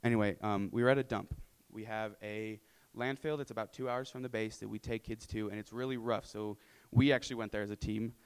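Young man, lowish pitch, clean resonant tone; casual, earnest mission testimony with plenty of fillers. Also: fairly even intonation, a little fast, hardly any pauses, clear, resonant tone, poor audio. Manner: casual and earnest, many fillers and tag questions. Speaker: returned mission volunteer. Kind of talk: personal testimony to supporters.

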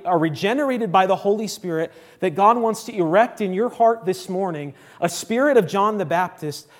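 A man with a notably high voice preaches a sermon at a church service. He swings between ringing, emphatic declarations and quiet, hushed passages, often repeating a line for weight.

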